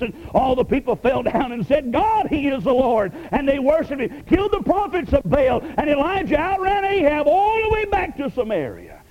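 A man preaching a sermon, swinging from ringing emphasis down to a near hush on key words. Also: very high voice, slight background noise. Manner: rises and falls sharply, dropping to a hush on key words. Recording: dull lo-fi radio broadcast.

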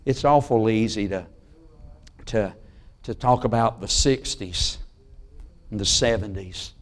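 A middle-aged man preaching a sermon in a church. He tells folksy stories and drops to a hush on key lines. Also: lowish voice, a little slow. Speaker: pastor. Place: church sanctuary.

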